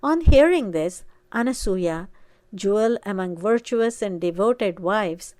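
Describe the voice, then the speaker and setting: A woman narrating a sacred story in a measured, earnest reading. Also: medium pitch, lively intonation, a little mellow, dry recording.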